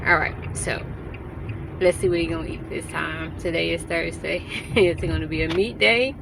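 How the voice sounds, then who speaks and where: Chatty woman vlogger, slightly low voice, loud road noise behind. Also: steady tone, moderate pace, gravelly. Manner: chatty, addresses viewers as y'all. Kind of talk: casual vlog chat. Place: in a car, then at a restaurant. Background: car and traffic noise.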